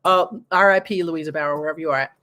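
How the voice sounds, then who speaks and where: A woman from New York hosting a talk show, telling personal stories in a rambling, lively way. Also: low voice, very fast. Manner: rambling, restarts sentences, lively retelling. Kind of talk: casual interview chat, personal storytelling.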